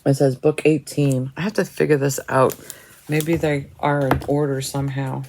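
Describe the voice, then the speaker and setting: A woman's voice: a bass voice, steady tone, normal speed, gravelly, a little mellow, slight background noise, low-quality recording. A woman casually showing her cross stitch chart books to viewers, chatty and admiring, thinking aloud as she flips pages. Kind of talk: casual show-and-tell of craft books.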